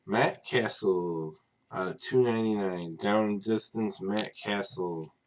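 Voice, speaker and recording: A man's voice: on the low side, slow, background noise. A man hosting a live card break stream, reading off players and teams in a casual, tired way, apologizing for yawning late at night. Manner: reads off names in a steady list.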